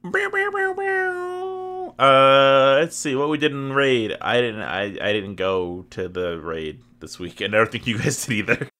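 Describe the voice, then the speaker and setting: A man hosting a casual gaming podcast, telling stories in a lively way and swearing freely. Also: on the low side, normal speed, hardly any pauses. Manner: animated storytelling, swears freely. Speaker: podcast host and guild recruiter.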